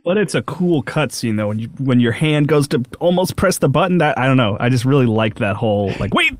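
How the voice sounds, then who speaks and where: A man with a medium-pitched voice speaks on a relaxed gaming podcast, recorded close and dry with no room sound. His manner is wry and easygoing, and he often stops to correct himself mid-explanation. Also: fairly quick, no room sound. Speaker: podcast co-host. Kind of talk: casual video game discussion.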